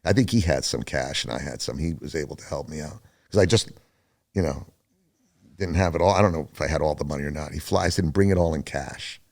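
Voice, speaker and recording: An older man, a podcast guest, telling a story casually, animated and profane. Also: a bass voice, a little fast, creaky.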